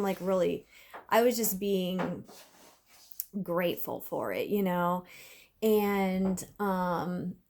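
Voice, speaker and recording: A woman's voice: lowish voice, creaky. A woman in her thirties talking casually to camera in a vlog, chatty and rambling with many fillers and restarts. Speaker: vlogger.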